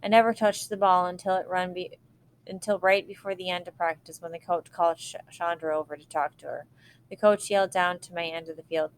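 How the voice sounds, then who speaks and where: A woman reading a novel aloud with steady, even narration. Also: on the low side, fairly quick, smooth. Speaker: reader.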